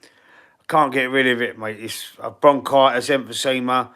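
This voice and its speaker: A man from East London with a Cockney accent and husky, wheezy breathing, hosting a casual live-stream Q&A in a blunt, slangy way. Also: mid-range voice, steady tone, moderate pace, sharp tone. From East London, England. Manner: blunt, slangy and chatty, calling viewers bro and mate. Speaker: fan channel live streamer.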